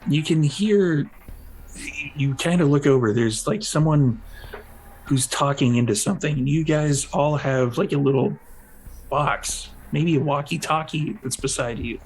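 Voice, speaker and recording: A man narrating a tabletop game as game master, in loose, halting description with many fillers. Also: on the high side, a little mellow, a little hiss or hum, poor audio.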